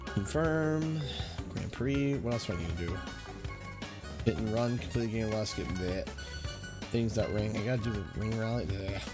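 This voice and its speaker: A man's voice: fairly low pitch, moderate pace, long pauses, over music. A young adult man with a Canadian accent, chatty, giving live gameplay commentary and thanking viewers as a gaming streamer. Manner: chatty, thanks viewers, mutters about the game.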